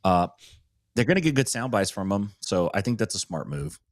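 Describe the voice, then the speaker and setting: A man with a deep, low voice co-hosting a podcast. He muses in a measured, slightly hesitant way. The sound is dry and close. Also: very animated, no echo. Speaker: podcast co-host. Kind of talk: casual podcast chat.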